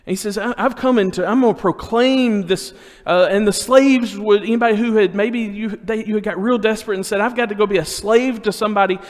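A man with a high voice delivers a sermon in an easy, conversational way, restarting his phrases as he goes. He sometimes sinks into a hush to draw listeners in. His voice carries a long reverb through the church sanctuary. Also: steady tone, fairly quick, few pauses. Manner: conversational, with restarts and dramatic drops to a hushed voice. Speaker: preacher.

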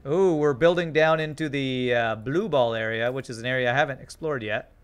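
A man streaming a game, thinking out loud and chatting to his viewers in a casual way. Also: medium pitch, fairly quick, smooth. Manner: thinks aloud, chats to viewers. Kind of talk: casual live-stream gameplay commentary.

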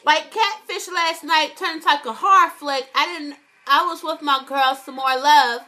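A young woman vlogging a casual, animated TV recap, swearing a lot and often asking "right?". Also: high voice, unhurried.

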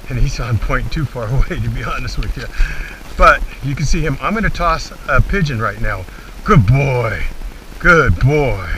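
Guy training a bird dog out in a field, real bright voice, mic kinda far off. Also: medium pitch. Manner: talks to camera while commanding a dog. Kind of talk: outdoor training demonstration. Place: outdoors in a field. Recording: distant outdoor recording, faint background noise.

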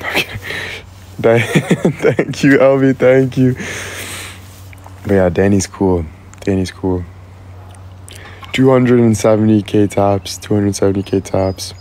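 Guy live-streaming, low voice, jokey and teasing, keeps laughing, shouting out viewers. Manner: teasing, playful, quick to laugh; rattles off thanks to viewers by name.

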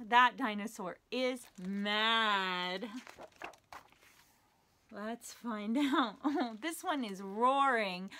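A woman reading a picture book aloud to young children in a playful, animated way, talking to the listener as she goes. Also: fairly high pitch.

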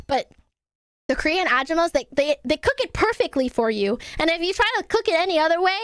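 A young woman streamer telling stories to her chat in an animated, swearing, laughing way. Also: extremely high pitch, normal speed, no room sound. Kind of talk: casual stream chat to viewers.

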